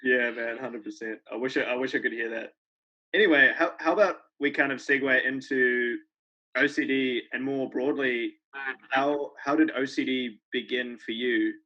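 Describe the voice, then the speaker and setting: A man's voice: medium pitch, fairly even intonation, moderate pace, bright, forceful tone, highs cut off. A man hosting a podcast, talking in a laid-back way with fillers like "kind of" and "like". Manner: laid-back, easily laughing, uses filler phrases. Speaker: podcast host. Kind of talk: casual interview chat.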